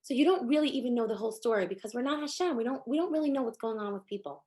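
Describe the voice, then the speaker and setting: Casting: high-pitched woman, casual Torah class, animated, acts out the people in her stories. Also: very fast. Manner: animated, rises in pitch and force when stressing a point. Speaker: Torah teacher.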